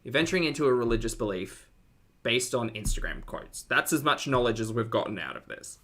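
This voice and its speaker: A man's voice: mid-range voice, expressive, fairly quick, sharp tone. Sleepy Australian man commenting. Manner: sleepy, rambling, with many restarts. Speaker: reaction commentator. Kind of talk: casual reaction commentary.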